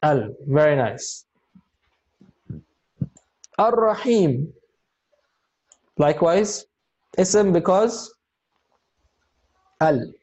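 In a mellow, warm voice that's a little high, a man teaches an online Arabic grammar class, explaining patiently step by step and checking in often to encourage his students. He's unhurried and leaves long pauses.

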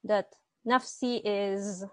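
A woman's voice: mid-range voice, steady tone, extremely slow, fairly bright tone, no echo. A woman teaching Arabic grammar to students online, explaining patiently step by step and asking them questions, speaking through earbuds on a video call.

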